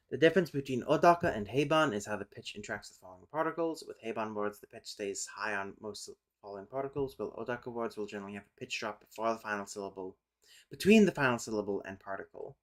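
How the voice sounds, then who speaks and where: Speaking in an expressive, fairly low voice, a man chats casually on a livestream and works through language topics out loud. He pauses, restarts, and breaks off with sudden loud calls to his cat.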